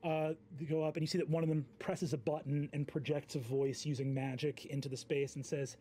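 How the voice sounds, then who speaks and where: A man narrating as game master in a relaxed, descriptive way. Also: a little high, a little fast, few pauses.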